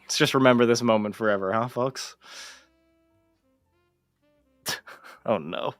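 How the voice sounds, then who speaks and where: Man, stream host, mid-pitched, halting questions, dry sound, faint music under. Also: dry recording. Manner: halting, lots of uh fillers. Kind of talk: casual livestream interview.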